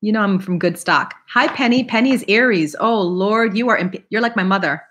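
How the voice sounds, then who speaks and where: A woman's voice: medium pitch, fairly quick, fairly bright tone, a little hiss or hum. A woman hosting a live tarot reading, chatting casually and laughing often while she greets viewers by name.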